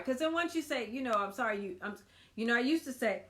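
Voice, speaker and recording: Woman host, fairly high voice, earnest devotional tips talk, encouraging and repetitive. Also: animated, fast, a bit bright. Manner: earnest, encouraging, repeats phrases for emphasis. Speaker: marriage ministry host.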